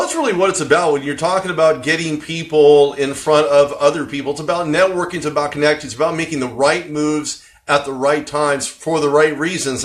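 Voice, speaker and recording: A man hosting a live-streamed interview show, asking long rambling questions with lots of energy. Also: a little high. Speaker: host.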